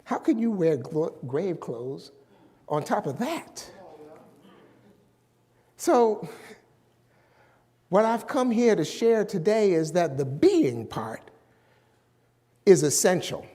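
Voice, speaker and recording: A middle-aged male minister delivers an unhurried sermon with a high, lively voice that climbs and falls. He leans hard on certain words and stretches them out. The sound carries a long reverb from the worship hall around him. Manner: emphatic, drawing out key words.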